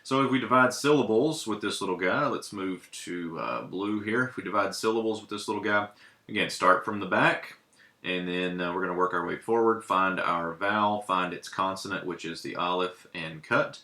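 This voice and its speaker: A man teaching a casual lesson, pausing often with ums and uhs while he writes and explains. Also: sits low, pushed and bright. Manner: hesitant, many ums and uhs while writing. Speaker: Hebrew teacher. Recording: echoey room.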